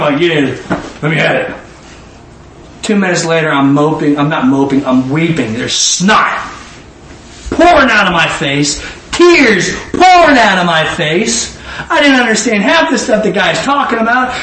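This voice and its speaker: A middle-aged man giving informal Bible teaching, swinging from low musing to high emotional exclamations. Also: big pitch swings, measured pace, sharp tone. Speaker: preacher. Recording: echoey room, mic at a distance, faint ambient noise.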